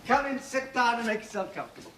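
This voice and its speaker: An actor playing a brisk, courteous country vet with a dry wit. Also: male voice, very high voice, animated, fairly bright tone, a little hiss or hum. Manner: crisp, courteous, dryly amused. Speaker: veterinary surgeon.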